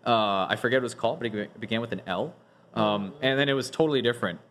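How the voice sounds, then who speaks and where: A man of ordinary pitch hosts a relaxed podcast conversation among friends. He explains things in long, meandering runs. He keeps restarting his sentences and leaning on filler words. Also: fast talker. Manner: rambling, many restarts and "like" fillers. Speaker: podcast host. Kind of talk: casual group discussion.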